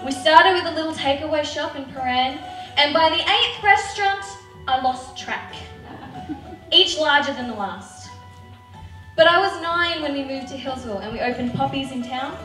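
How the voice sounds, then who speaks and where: A woman's voice: high-pitched, normal speed, fairly bright tone, echoey room, recorded from a distance, faint music behind, poor audio. A woman telling a personal story on stage in a candid, conversational way. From Australia. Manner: candid, conversational, with small restarts. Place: theatre stage.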